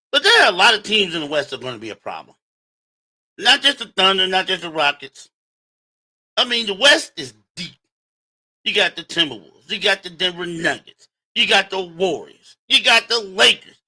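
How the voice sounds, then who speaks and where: A male sports host on a livestream, with a high, very bright voice that swings widely in pitch. He talks straight to his viewers in an emphatic, animated way, often rising toward a shout on his main points.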